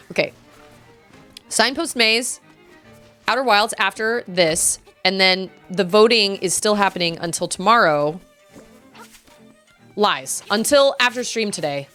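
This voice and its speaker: A young woman chats and laughs her way through a game stream, her voice swinging widely up and down as she talks to viewers. She breaks into excited squeals at surprises. Faint game music plays underneath. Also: mid-range voice, vocal fry. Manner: chatty, giggly, squeals excitedly at game moments. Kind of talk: casual gameplay chat with viewers.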